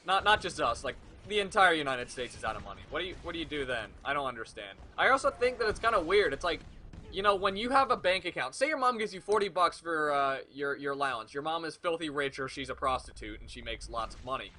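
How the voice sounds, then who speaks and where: Brief: late-teen male commentator, very bright, slightly high voice, loose and profane. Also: very animated, quick pace, a little hiss or hum. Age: late teens. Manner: rambling, profane, jokey. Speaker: gaming video commentator. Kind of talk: casual rambling commentary.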